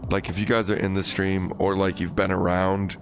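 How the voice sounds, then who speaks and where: Gravelly, profane American man streaming. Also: low-pitched, flat delivery, normal speed, background noise. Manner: profane, rambling, chatting with viewers. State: recovering from illness. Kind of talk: casual live-stream chat.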